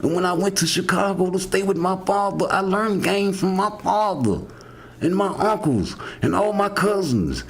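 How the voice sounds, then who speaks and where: A middle-aged man ranting in a swaggering, profane way, swinging between low mutters and high yelps. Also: animated, moderate pace, vocal fry. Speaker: boxing opinion vlogger. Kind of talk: casual profane rant.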